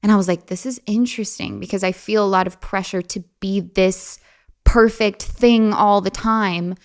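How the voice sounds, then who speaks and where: A young woman guesting on a podcast tells a personal story in a mid-range voice, keeping a steady tone and moderate pace. She's chatty, laughs a lot, and often restarts or says "like."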